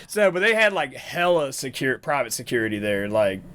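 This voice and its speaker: A man's voice: mid-range voice, sing-song, moderate pace, fairly bright tone. A man co-hosting a podcast, telling a rambling, profane story in casual chat and laughing often. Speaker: podcast co-host.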